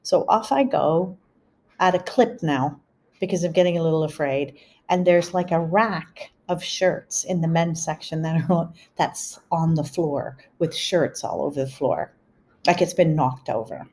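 Her deep voice is unhurried and a little mellow as this middle-aged podcast host shares family stories. The talk is relaxed and chatty, with occasional laughter.

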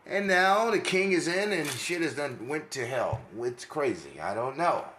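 A brash man with a New York accent rambles through a casual podcast monologue in a bright, forceful voice. He talks loosely and crudely, and an echoey room with faint ambience sits behind him. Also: on the high side, expressive, measured pace, slight background noise. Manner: brash, rambling and profane, with frequent laughs. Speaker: podcast host.

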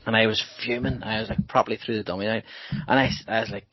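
Man, lowish voice, animated storyteller, podcast chat, muffled dry recording. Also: fast, dry recording. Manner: animated storyteller, laughs often. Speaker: podcast co-host. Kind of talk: casual chat. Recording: dull dry podcast mic.

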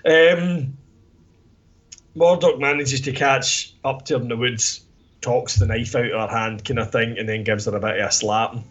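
A man's voice: medium pitch, fairly even intonation, normal speed, fairly bright tone. Scottish guy, casual podcast host, rambles through plot recap, swears a lot, dull lo-fi sound. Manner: rambling, sweary, lots of "kinda" and "basically". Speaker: podcast co-host reviewing a film.

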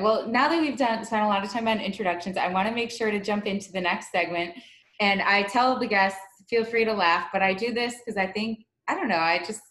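A woman's voice: mid-range voice, fairly bright tone. A woman from Buffalo hosting an interview podcast in a chatty, self-deprecating way. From Buffalo, New York. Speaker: podcast host. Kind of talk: casual interview chat. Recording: roomy echo.

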